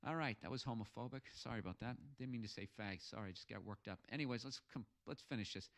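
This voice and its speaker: A man's voice: lowish voice, fast talker, few pauses, fairly bright tone. An American man hosting a podcast, ranting sarcastically and swearing heavily while reading out listener messages. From United States. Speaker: podcast host. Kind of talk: profane comic rant reading listener messages.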